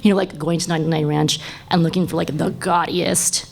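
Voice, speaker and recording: A woman's voice: sits low, steady tone, fairly quick, vocal fry, slight background noise. A woman in her thirties, a guest on a live podcast panel, talking casually with lots of fillers and frequent laughter.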